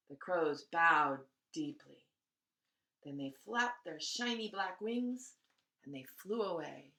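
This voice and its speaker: Bright, slow woman reading a bedtime story. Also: lowish voice, echoey room, low-quality recording. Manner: expressive, drops to hushed tones. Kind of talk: gentle bedtime read-aloud.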